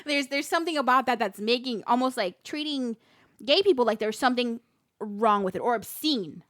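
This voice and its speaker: A woman co-hosting a casual podcast who tells personal stories in a chatty way and laughs easily. Her voice sits a little high. The sound is dry and close, with no room echo. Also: animated, brisk, fairly bright tone. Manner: chatty, laughs often, storytelling. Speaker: podcast co-host. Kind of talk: casual chat.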